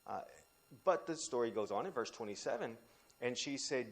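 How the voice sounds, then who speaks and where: A man teaching a Bible study, talking in an animated way with restarts and sudden rises when he quotes scripture. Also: moderate pace. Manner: animated, frequent restarts, pitch jumps when quoting scripture.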